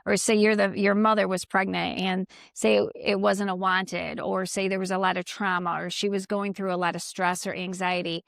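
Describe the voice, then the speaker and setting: Gentle earnest psychic woman outdoors. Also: mid-range voice, little pitch movement, normal speed, vocal fry, hardly any pauses, no echo, clean studio sound. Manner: earnest, gentle, talks to unseen spirits in a coaxing voice. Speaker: psychic medium and energy healer. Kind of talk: casual talk during a graveyard walk. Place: outdoors in a cemetery by a road.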